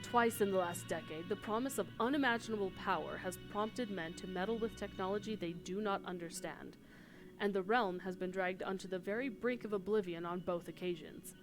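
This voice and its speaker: A middle-aged engineer chief in a game cutscene, gruff and principled. He speaks firmly and earnestly, each point carefully weighed. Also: high voice, brisk, music in the background. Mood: stern. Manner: firm, earnest. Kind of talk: voiced game cutscene dialogue.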